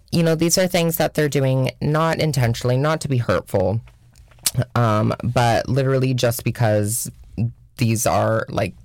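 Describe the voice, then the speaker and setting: Her pitch is extremely low and her tone darkish, captured in a dry recording. The speaker, a young adult vlogger from Washington State, tells a profane, chatty storytime loaded with fillers like "like" and mocks voices in quotes.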